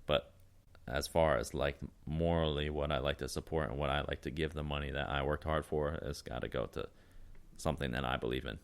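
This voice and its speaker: Young philly guy, really low voice, rambling podcast stories, laughs a lot. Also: a little fast, creaky. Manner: rambling, animated, laughs often. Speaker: podcast guest. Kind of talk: casual storytelling chat.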